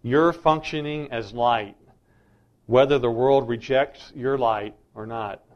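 A man's voice: mid-range voice, takes it slowly, muffled recording. A middle-aged man preaching a sermon as a pastor, emphatic and insistent.

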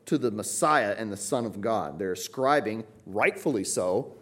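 A man with a mid-range voice teaches a Bible passage in an expository sermon, speaking at a moderate pace with few pauses. He is emphatic and repeats phrases, often tagging his points with "right?" to check in with listeners.

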